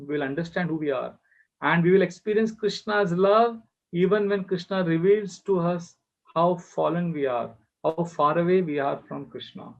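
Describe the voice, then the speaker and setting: A man's voice: a little high, creaky. A man giving a devotional class over a video call, telling a story and acting out the voices in it. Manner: storytelling, acts out quoted voices. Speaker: spiritual teacher. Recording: muffled video-call audio.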